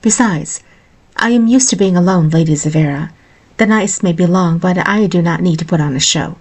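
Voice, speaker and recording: A woman's voice: on the low side, normal speed, darkish tone. A woman voicing a neglected young queen in a storybook reading, pleading and tearful in tone. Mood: cool.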